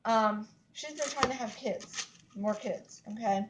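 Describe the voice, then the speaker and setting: A woman's voice: on the high side, unhurried, heavy background noise. A woman, venting in a casual vlog, emphatic and repetitive, with lots of "like, seriously.". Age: 30s. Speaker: vlogger. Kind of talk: upset casual rant to camera.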